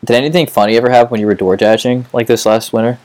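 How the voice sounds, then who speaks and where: A man's voice: mid-range voice, fairly even intonation, racing, darkish tone. A man co-hosting a podcast, casually chatting and asking questions to draw out a story. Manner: probing, prompting questions. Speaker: podcast co-host. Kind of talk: casual chat.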